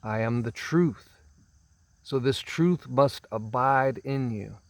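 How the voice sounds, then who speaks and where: A man giving a spiritual teaching talk, speaking slowly and emphatically, drawing out and repeating words and often clearing his throat. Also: medium pitch, no room sound. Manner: slow, emphatic, drawn-out phrasing with repeated words.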